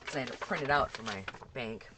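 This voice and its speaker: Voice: mid-range voice, fast, very noisy. A vlogger ranting angrily to camera at a scammer, cursing, repeating and restarting sentences. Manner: profane, heated, repeats and restarts. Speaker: scam victim vlogger. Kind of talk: angry rant to camera.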